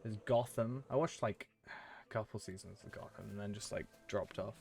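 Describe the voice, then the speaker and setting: A man's voice: lowish voice, moderate pace, vocal fry, darkish tone, faint music behind. A young man live-streaming a video game, chatting casually with viewers in a chatty, self-mocking way and breaking into frustrated rants. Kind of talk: casual live-stream chat while gaming.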